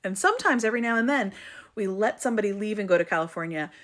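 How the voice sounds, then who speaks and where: A woman from rural Vermont telling a story in a casual storytime vlog, animated and playful with comic exaggeration. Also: mid-range voice, fast talker. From rural Vermont, USA. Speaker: storyteller, mother.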